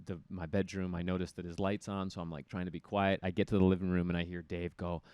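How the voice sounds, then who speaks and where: A man in his thirties tells stories in a relaxed interview. His voice is smooth and resonant and sits on the low side. He animates his anecdotes by acting out the people in them, recorded close and dry. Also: fast talker, no echo. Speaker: guest, former college hockey player. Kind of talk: casual storytelling interview.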